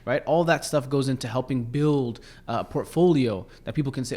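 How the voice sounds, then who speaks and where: A man in his thirties from Canada hosts a podcast, relaxed and asking long, winding questions. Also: medium pitch, normal speed. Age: 30s. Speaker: podcast host. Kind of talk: casual interview talk.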